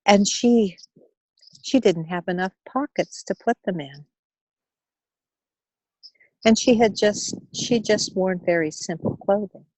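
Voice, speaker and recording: A woman speaker on money wellness, telling a story in an earnest, gentle way and often repeating words as she goes. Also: medium pitch, no echo, rough recording. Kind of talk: storytelling in a talk.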